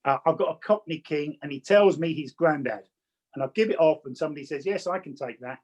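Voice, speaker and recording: A man's voice: fairly high pitch, fast talker, poor audio. A man from England, a spiritualist medium, teaching a group over a video call with chatty anecdotes and frequent stammered restarts. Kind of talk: online teaching talk with anecdotes.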